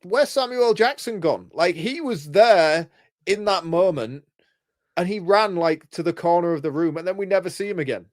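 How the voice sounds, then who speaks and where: A man's voice: high voice, expressive, moderate pace, darkish tone, no room sound, clean studio sound. A man co-hosting a podcast, chatting casually about a film in a rambling, questioning way. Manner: rambling, questioning, laughs along. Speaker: podcast co-host. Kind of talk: casual film review chat.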